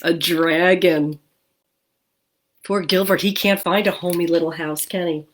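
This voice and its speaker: Slow storytime librarian, middle-aged woman, lowish voice, asks kids questions. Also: fairly even intonation, slight background noise. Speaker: children's librarian. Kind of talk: storytime read-aloud.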